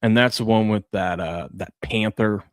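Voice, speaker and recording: A man's voice: on the low side, normal speed, no room sound. A man in his thirties co-hosting a sports talk show, chatting casually and laughing as he tells family stories. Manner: storytelling, laughs often, acts out his kids' voices. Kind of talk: casual chat.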